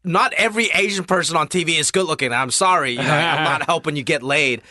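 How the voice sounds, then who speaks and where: A man's voice: on the high side, quick pace, bright, forceful tone. A man in a casual podcast chat, speaking emphatically and joking as he makes his points. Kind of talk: casual conversation.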